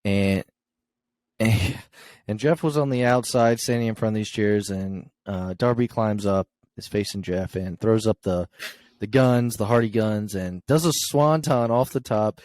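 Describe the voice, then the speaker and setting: A man's voice: lowish voice, measured pace, a little mellow, no room sound. A young man co-hosting a podcast, casually recapping wrestling shows with lots of fillers and chuckles. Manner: rambling recap with many fillers and laughs.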